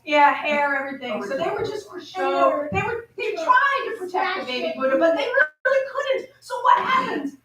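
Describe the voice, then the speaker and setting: A woman's voice: very high-pitched, normal speed, hardly any pauses, over a noisy crowd. Playful woman telling a temple story. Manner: playful, animated and chatty. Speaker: temple teacher. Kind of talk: storytelling sermon for children. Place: large temple hall. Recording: echoey hall from far off.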